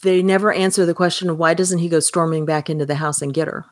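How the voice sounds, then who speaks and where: A woman with a low voice, recorded dry and close. She talks through a film in relaxed podcast chat, lively, and slips into the characters' voices when she quotes them. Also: fast talker, no echo. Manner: animated, acts out quoted lines. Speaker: podcast co-host. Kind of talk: casual film discussion.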